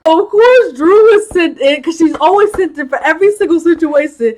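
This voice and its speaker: Chatty young woman, high voice, movie-recap commentator who exclaims in disbelief. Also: lively intonation, moderate pace, darkish tone. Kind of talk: casual plot recap commentary.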